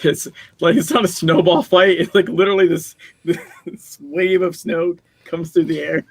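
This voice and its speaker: A man's voice: on the high side, fairly even intonation, moderate pace, vocal fry, slightly rough, dry recording. A man co-hosting a podcast, chatting casually and rambling with frequent laughs. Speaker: podcast co-host. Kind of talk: casual chat.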